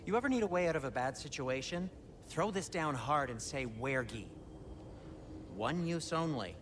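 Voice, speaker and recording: A man's voice: fairly high pitch, lively intonation, normal speed, noisy background, lightly acted. A man voicing Sindri, a fretful dwarf smith. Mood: earnest. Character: anxious fussy male dwarf smith.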